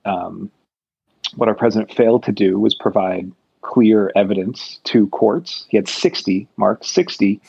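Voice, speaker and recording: An American man talks through politics in a low, gravelly voice, with a husky edge. He rambles, restarting his thoughts with many fillers. The sound is dull and lo-fi. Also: unhurried, a little mellow. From United States. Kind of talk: casual political chat.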